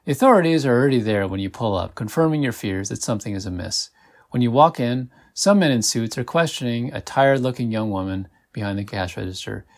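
A male podcast host reads an interactive adventure story aloud at a measured, unhurried pace. His voice has a gravelly texture at a medium pitch. He slows down whenever he turns to speak to the listener directly. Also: a little mellow.

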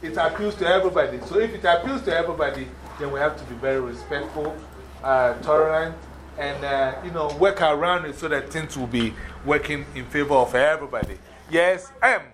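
A man with an African accent speaks to a class of schoolchildren in a fairly high voice. He lays out his points emphatically, repeats them and keeps asking whether everyone understands. Faint room noise sits under his voice. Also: brisk, a bit bright, rough recording. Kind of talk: motivational classroom talk.

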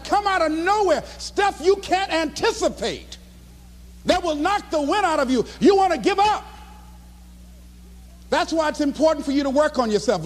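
Emphatic high-voiced man preaching self-motivation. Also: long reverb tail. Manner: emphatic, repetitive, exhorting the audience. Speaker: motivational speaker. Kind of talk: live motivational speech.

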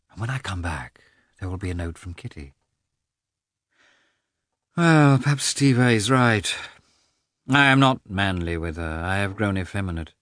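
A man voicing an earnest, weary landowner who mutters quietly and introspectively. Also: deep voice, no echo, studio quality.

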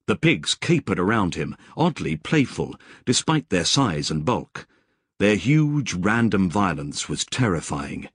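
A man narrating an audiobook in scripted, expressive storytelling with vivid description. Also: deep voice, slightly rough, dry recording, studio quality.

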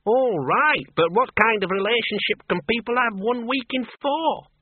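A man's voice: extremely high pitch, expressive, moderate pace, slight background noise, voice pushed up. A man voicing a cheerful, cheeky male ghost who talks in a teasing, sing-song way in a storybook reading, on a thin, tinny recording.

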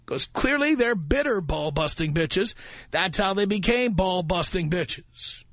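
High-voiced, provocative talk radio host man. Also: lively intonation, measured pace, a bit bright, no echo. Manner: provocative, emphatic, repeats his catchphrase. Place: radio studio. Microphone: studio microphone.

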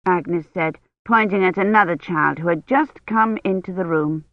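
A woman reading a novel aloud as an audiobook narrator in a measured, even storytelling manner, in a dull, lo-fi recording. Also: on the low side, no echo. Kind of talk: scripted narration. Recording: dull, lo-fi, dry.

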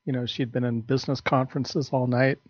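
A man's voice: medium pitch, level tone, a little fast, no echo. Guy playing stern fake manager on prank calls, dry dull lo-fi sound. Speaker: prank caller. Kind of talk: prank phone call banter.

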